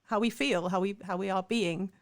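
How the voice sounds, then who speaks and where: A woman's voice: mid-range voice, moderate pace. A woman hosting a voice podcast, affirming her guest and asking reflective, philosophical questions. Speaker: podcast host and singing teacher. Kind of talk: interview podcast.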